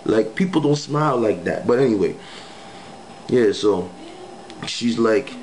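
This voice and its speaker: A man's voice: fairly low pitch, expressive, slow, long pauses, darkish tone, slight background noise, low-quality recording. A young man casually telling a spiritual testimony story in slangy speech, acting out the quoted lines. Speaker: guest giving testimony.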